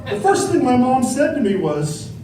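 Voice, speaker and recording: A man's voice: very high voice, very animated, normal speed, far from the mic, background noise. Middle-aged man doing stand-up in an echoey club. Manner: tag question "right?" after punchlines, acted-out quotes. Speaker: stand-up comedian. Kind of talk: stand-up set. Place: comedy club stage. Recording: echoey club, mic from afar, faint crowd.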